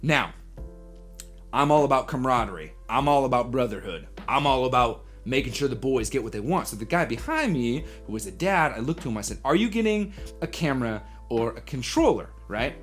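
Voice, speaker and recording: A young man hosting a casual live stream, telling an animated story and acting out the people in it, sometimes dropping to a hushed aside. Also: mid-range voice, brisk, faint music behind. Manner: animated, acts out voices in his story, drops to hushed asides. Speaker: coffee livestream host.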